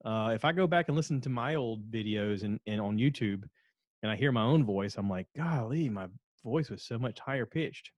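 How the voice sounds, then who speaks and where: Middle-aged guy rambling on his own podcast, kinda low voice, dry slightly muffled sound. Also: normal speed, dry recording. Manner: casual, rambling, self-deprecating joking. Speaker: podcast host. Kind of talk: solo podcast commentary.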